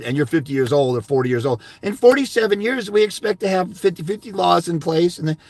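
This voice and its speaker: A man's voice: high-pitched, no room sound. An older man, a fathers' rights consultant, delivering a blunt, profane monologue that berates his viewers.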